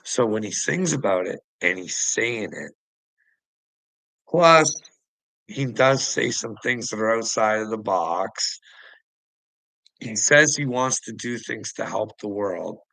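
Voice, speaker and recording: A man's voice: lowish voice, expressive, takes it slowly, gravelly, long pauses, pushed and bright, no room sound, poor audio. A man delivering a profane, confrontational vlog rant, taunting the people he addresses. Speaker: online commentator. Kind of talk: ranting vlog monologue.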